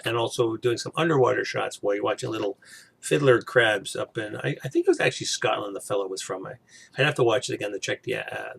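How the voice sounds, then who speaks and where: A man's voice: fairly low pitch, vocal fry, fairly bright tone, slightly rough. A man vlogging in a casual chat, rambling with frequent restarts and asides.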